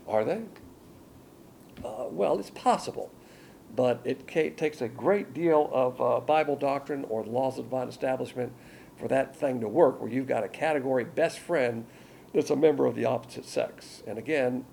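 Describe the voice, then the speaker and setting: A man with a heavily gravelly, mellow voice teaches a verse-by-verse Bible lecture. He is blunt and wanders off into side topics, reading scripture more loudly than his asides. Faint room ambience sits behind him. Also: medium pitch, slight background noise.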